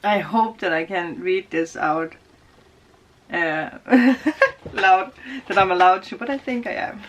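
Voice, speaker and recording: Giggly bright-voiced woman unboxing gifts. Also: a little high. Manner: giggly, gushing, laughs often. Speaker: tarot vlogger. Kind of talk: casual unboxing vlog.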